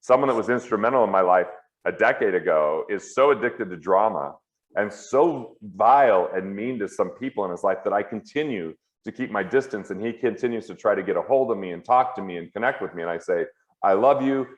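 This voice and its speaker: A man as an interview guest at home, talking earnestly and candidly in quick heartfelt bursts. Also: lowish voice. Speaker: guest, financial author and comedian. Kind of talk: earnest reflective conversation. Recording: roomy, slightly dull sound.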